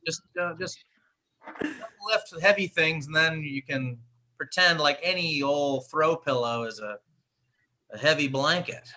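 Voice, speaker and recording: A man doing stand-up bits as a comedy guest, animated and profane, mocking himself as he goes. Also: on the high side, measured pace. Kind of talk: stand-up bits on a live show.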